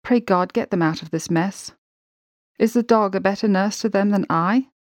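A woman's voice: mid-range voice, normal speed, dry recording, clean studio sound, natural voice. Steadfast wartime ambulance driver, read by a woman. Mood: urgent.

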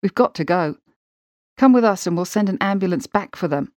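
A younger man helping on a wartime ambulance, hurried and warning, as a woman narrator reads him. The voice is low and dry. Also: animated, a little mellow, no echo, natural voice. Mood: urgent.

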